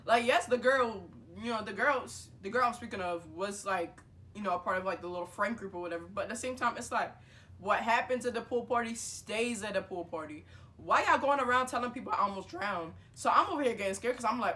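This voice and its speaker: A young woman spins a casual storytime for her viewers, heavy with fillers. She keeps jumping into little acted-out exchanges and talks with lively energy. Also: mid-range voice, fairly quick. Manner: animated, filler-heavy, acts out dialogue. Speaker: vlogger.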